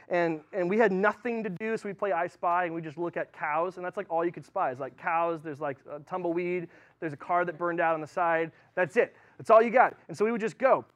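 A man preaching a sermon in a relaxed, chatty way, full of fillers and restarts. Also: high-pitched. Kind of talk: casual sermon.

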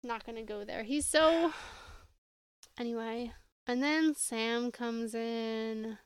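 A woman's voice: on the high side, takes it slowly, smooth, dry recording. A woman co-hosting a casual show recap, exasperated and sarcastic, recounting scenes from her notes. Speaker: podcast co-host.

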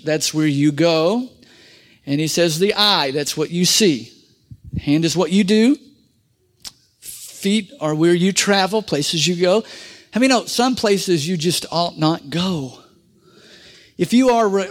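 A man with a high-pitched voice preaching to his congregation in a church. He calls for amens, has the room repeat phrases after him, and mixes in jokes and rhetorical questions. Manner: lively call-and-response preaching, prompts congregation to repeat; humorous asides and rhetorical questions. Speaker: pastor. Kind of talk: sermon. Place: church sanctuary.

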